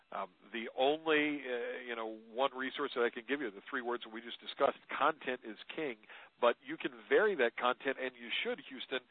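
A man's voice: mid-range voice, dry recording. Man coaching on a tinny phone line. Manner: conversational, advisory, emphatic repetition. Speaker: media trainer guest. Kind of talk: teleconference interview answers.

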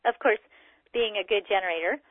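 A middle-aged woman giving a casual talk that explains a personality system, acting out quoted dialogue in lively voices. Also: medium pitch, brisk, no room sound. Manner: animated, acts out quoted dialogue. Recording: tinny phone-like recording, dry.

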